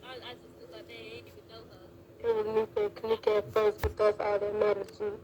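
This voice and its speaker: A woman's voice: medium pitch, flat delivery, fast, a little mellow, a little hiss or hum, low-quality recording. A woman in casual live-stream chat, talking loosely and slangily straight to her viewers.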